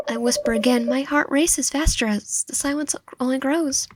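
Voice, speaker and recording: Expressive woman reading a game aloud. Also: high-pitched, normal speed, background noise. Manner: expressive first-person reading, with stumbles. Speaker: player reading a visual novel aloud. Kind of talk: dramatic game read-through with asides.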